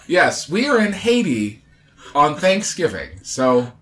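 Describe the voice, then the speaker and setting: A man's voice: very animated, slow pace. A man, a comedian guest in casual chat aboard a cruise ship, joking dryly and playfully. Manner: playful, dry jokes, swings up and down in pitch.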